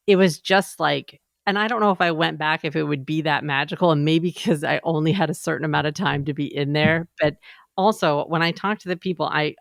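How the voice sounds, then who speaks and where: A woman co-hosting a casual podcast chat, animated and chatty as she tells her stories. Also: deep voice, creaky, dry recording, studio quality. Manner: chatty and animated, slipping into quoted voices. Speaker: podcast co-host.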